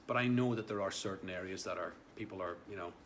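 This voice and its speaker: A man's voice: low voice, quick pace, a little hiss or hum. A man hosting a casual live stream, reading out viewer comments in a rambling way, with many fillers and repeated words. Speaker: livestream host.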